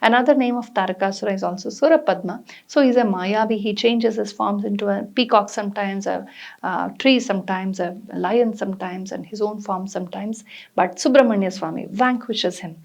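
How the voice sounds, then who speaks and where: Gravelly-voiced woman storyteller. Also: medium pitch, a little fast, muffled recording. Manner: lively, expressive, sprinkled with fillers. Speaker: storyteller, speaker on mythology. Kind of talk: mythological storytelling talk.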